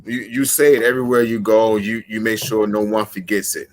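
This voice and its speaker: A man's voice: on the low side, flat delivery, brisk. A man cutting a wrestling promo, intense and emphatic, repeating lines for effect.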